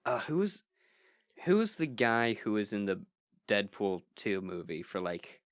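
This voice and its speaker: A man's voice: on the low side, big pitch swings, takes it slowly, fairly bright tone, dry recording, studio quality. A man co-hosting a casual movie review podcast, joking, chuckling along and throwing in puns. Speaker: podcast co-host.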